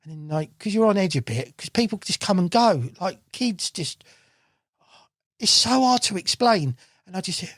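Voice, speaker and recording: A man's voice: high voice, moderate pace, dry recording. Fishing guy rambling stories, swears a lot, medium voice, dead dry studio mic. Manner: animated, swears freely, acts out quotes. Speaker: guest angler. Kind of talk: casual storytelling chat. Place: podcast studio.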